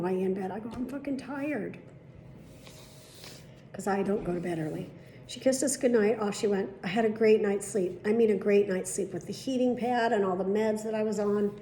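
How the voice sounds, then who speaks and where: A woman's voice: medium pitch, warm tone, roomy sound, a little hiss or hum. A middle-aged woman vlogging casually, telling a long story with plenty of swearing and acted-out dialogue. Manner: chatty, swearing, retelling dialogue. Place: at home.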